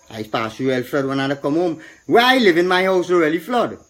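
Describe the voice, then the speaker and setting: High-voiced Trinidadian man, fed up. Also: fairly bright tone. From Trinidad and Tobago. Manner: indignant, repetitive, rising to a preacherly tone. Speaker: citizen speaking out. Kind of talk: impassioned street complaint.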